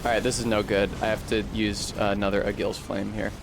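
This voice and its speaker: A man's voice: on the low side, flat delivery, fairly quick, noisy background. A man streaming a game live, cursing and mocking himself as he plays. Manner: profane, self-mocking, exclamatory. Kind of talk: live gameplay commentary.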